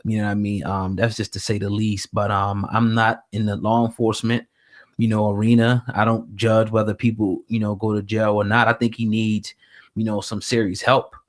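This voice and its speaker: A man hosting an online news chat, speaking in a measured way with many fillers. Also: lowish voice, little pitch movement. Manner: hesitant, lots of fillers, measured. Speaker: host. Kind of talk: casual news commentary.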